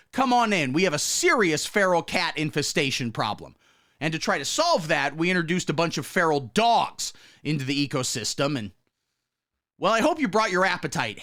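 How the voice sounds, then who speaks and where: A man hosting a satirical news show, delivering commentary in a mock-pompous, swaggering way with sudden low asides. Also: bright, forceful tone.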